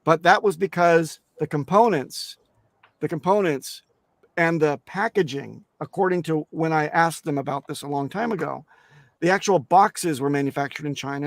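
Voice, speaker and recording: A man's voice: fairly high pitch, no echo. A man speaking as a guest on a crypto interview show, emphatic and blunt, swearing casually and restarting his sentences often.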